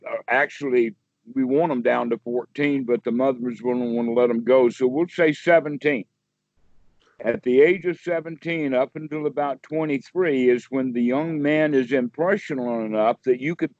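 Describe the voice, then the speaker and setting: A man's voice: mid-range voice, darkish tone, no echo. A man, a meditation teacher, explaining in a rambling, folksy way during a casual one-on-one chat over a video call. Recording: dry, dull lo-fi call audio.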